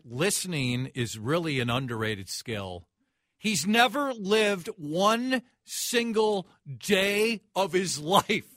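A man's voice: high-pitched, bright, forceful tone, dry recording, clean studio sound. A man hosting a sports talk radio show, ranting in a mocking, incredulous way.

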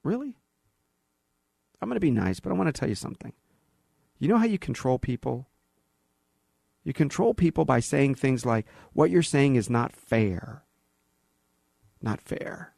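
A man's voice: medium pitch, normal speed, vocal fry, long pauses, no echo, studio quality. A man hosting a talk radio show, delivering an opinionated monologue with sarcasm, acting out bits of dialogue in other voices. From California. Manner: animated, sarcastic, acts out dialogue. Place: radio studio.

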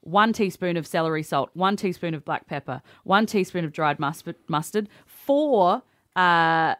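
A woman's voice: on the low side, animated, measured pace, fairly bright tone, no room sound, studio quality. An Australian woman co-hosting breakfast radio, chatting in a playful, casual way. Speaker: radio co-host.

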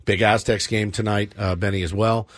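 A man's voice: lowish voice, moderate pace. A man co-hosting a sports radio show, chatting casually and joking with his partners. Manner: playful, animated banter. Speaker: co-host.

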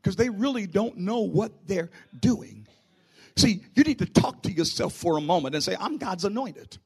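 A man preaching a sermon to his church, rising into shouts and falling to a hush. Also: high voice, lively intonation, normal speed, breathy edge. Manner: preaching with sudden shouts and hushed drops. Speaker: pastor.

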